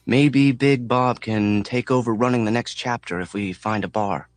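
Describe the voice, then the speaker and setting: A man voicing a reckless, fanatical young male mechanic who yells slogans into the wind. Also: medium pitch, fairly even intonation, moderate pace, dry recording, soft background music, lightly acted. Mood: calm, knowing.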